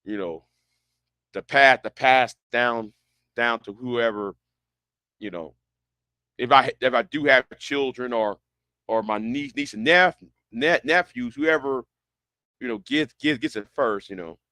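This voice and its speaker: A man's voice: medium pitch, measured pace, long pauses, bright, forceful tone, no room sound, clean studio sound. A man chatting casually and rambling, often stumbling and restarting his words, with a broad sound. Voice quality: stammering, many restarts. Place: Houston, Texas.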